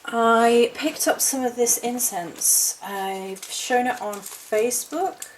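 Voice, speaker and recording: A woman's voice: fairly high pitch, takes it slowly, a little hiss or hum, rough recording. A woman chatting casually through a haul vlog, rambling and correcting herself as she goes. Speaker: witchcraft vlogger.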